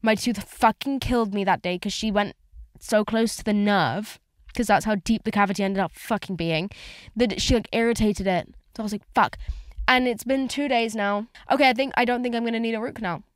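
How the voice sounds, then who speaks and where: A woman's voice: medium pitch, brisk, no echo, studio quality. A woman hosting a casual solo podcast from inside her car, rambling candidly with lots of swearing and filler words. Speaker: podcast host.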